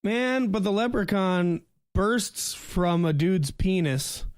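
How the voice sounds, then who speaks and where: A man's voice: sits high, slow pace, clear, resonant tone, no echo, clean studio sound. A man co-hosting a podcast, joking around in casual chat and reading sponsor spots. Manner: animated, joking banter. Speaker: podcast co-host.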